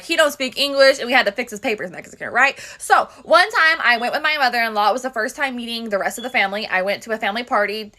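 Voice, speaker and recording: Brief: sassy female storyteller, high and bright, chatty anecdote. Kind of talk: casual anecdote.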